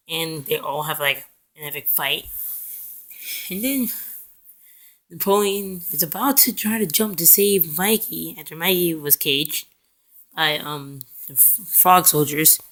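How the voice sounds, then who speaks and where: A man's voice: a little high, a bit bright. A young man retelling a cartoon episode casually, rambling with fillers and self-corrections, and briefly acting out the characters' lines. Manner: acts out characters' lines in quick voices. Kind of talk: casual recap.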